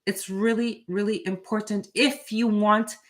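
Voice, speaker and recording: A woman's voice: mid-range voice, fairly even intonation, measured pace. A middle-aged woman hosting a live reading, talking straight to her viewers in a direct, chatty way and often asking "right?". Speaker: tarot reader and channel host.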